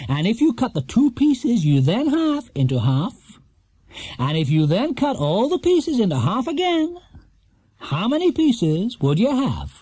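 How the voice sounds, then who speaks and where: A man doing a showy, slow-talking quizmaster. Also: high voice, dark tone, slightly rough, no room sound, voice pushed up, exaggerated voice. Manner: slow, drawn-out, theatrical quiz-host delivery. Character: showy male TV quizmaster, middle-aged. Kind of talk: storybook reading.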